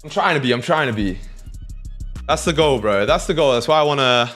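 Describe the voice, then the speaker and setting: A man's voice: mid-range voice, expressive, brisk, a bit bright, faint music behind. A young British man chatting casually on a live trading stream, slangy and talking straight to his chat.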